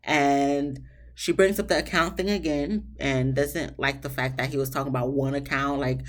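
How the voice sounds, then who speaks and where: A woman's voice: steady tone, moderate pace. Chatty, opinionated woman recapping reality TV. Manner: chatty, opinionated, jumps to high emphatic pitch when addressing the couples; talks straight to the people on the show, laughing at her own asides. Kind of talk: casual episode recap commentary.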